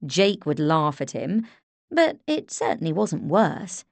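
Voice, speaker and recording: A woman narrating an audiobook in a measured, expressive storytelling manner. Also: sits low, creaky, no room sound. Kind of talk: scripted narration.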